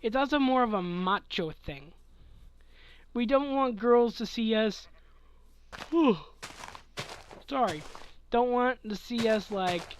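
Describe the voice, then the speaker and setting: Sleepy young man rambling slowly. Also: very high-pitched, clear, resonant tone, poor audio. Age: 20s. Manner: rambling, chuckling, trailing off mid-thought. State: sleepy, yawning. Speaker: gaming channel host answering questions. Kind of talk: casual late-night Q&A chat.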